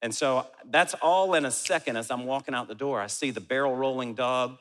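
A middle-aged man preaching a sermon as pastor, moving from prayer into an animated, lively story. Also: mid-range voice, a little fast, hardly any pauses. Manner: animated storyteller, acts out quotes. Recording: hall reverb.

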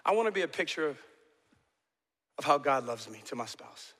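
A middle-aged man preaching a sermon as pastor in a large church, swinging from impassioned shouts to soft, intimate talk. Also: mid-range voice, lively intonation, normal speed. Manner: passionate, builds to shouting then drops to soft and intimate. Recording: long reverb of a large hall.

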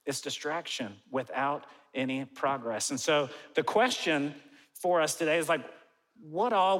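Man in his forties preaching in a hall. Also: a little high. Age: 40s. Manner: conversational and animated, with self-mocking asides and laughs. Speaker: pastor. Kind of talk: sermon.

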